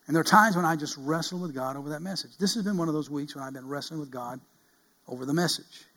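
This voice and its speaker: Earnest preaching man, somewhat high voice. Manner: earnest preaching that swings from loud cries to hushed pleading. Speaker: pastor. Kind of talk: sermon.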